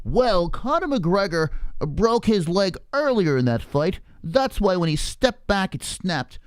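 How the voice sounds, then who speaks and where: A smug know-it-all armchair doctor, as a man puts him on, lecturing in a high, swooping voice with slow, drawn-out words. Every syllable sounds crisp and smooth, recorded dry and close with no room sound. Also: sing-song, dry recording. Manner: mocking, drawn-out, condescending.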